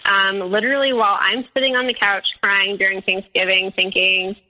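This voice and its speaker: A young woman being interviewed, telling a personal story candidly, with many fillers and animated quotes of others. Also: medium pitch, normal speed, low-quality recording. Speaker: interview guest.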